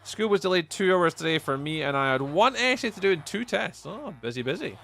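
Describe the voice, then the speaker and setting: Chatty Scottish young man, gravelly voice. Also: high-pitched, animated, a little fast, a bit bright, a little hiss or hum. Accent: Scottish, Edinburgh area. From Scotland. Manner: chatty, reads chat aloud, repeats phrases. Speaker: livestreamer. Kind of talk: casual live-stream chat while playing.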